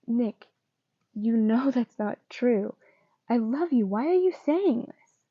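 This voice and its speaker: A woman reading the part of a gentle, tearful young boyfriend in a soft, pleading way. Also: fairly high pitch, expressive, slow pace, husky, dry recording, lo-fi sound, exaggerated voice.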